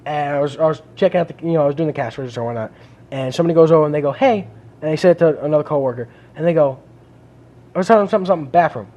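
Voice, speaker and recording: A man with a fairly high voice talks at rapid-fire speed while co-hosting a podcast. He tells a story in loose, profane banter, animatedly quoting and acting out the people involved.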